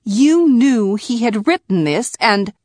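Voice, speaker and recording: A woman voicing a sharp-tempered young woman soldier, indignant and quick to anger, in an audiobook reading. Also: medium pitch, animated, dry recording, natural voice. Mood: angry. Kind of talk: audiobook character voice.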